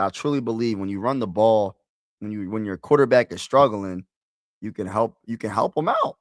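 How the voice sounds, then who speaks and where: A man giving excitable, slangy live play-by-play and reaction on his stream, his voice rising when he calls big plays. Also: mid-range voice, no room sound, studio quality. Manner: excitable, slangy, talks to viewers as "bro"; rises loudly when calling big plays. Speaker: sports streamer.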